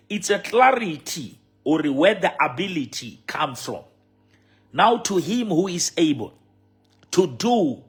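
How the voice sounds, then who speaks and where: A man's voice: a little high, breathy edge. A man with a Sesotho accent preaching a sermon as a bishop, repeating key phrases with emphasis.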